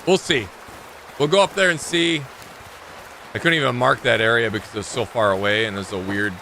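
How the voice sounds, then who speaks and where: Man, bright forceful voice, rambling livestream chat, faint background hum. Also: mid-range voice, fairly quick, gravelly. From Michigan. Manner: rambling, talks to chat while playing. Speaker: streamer. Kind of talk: casual livestream gaming chat.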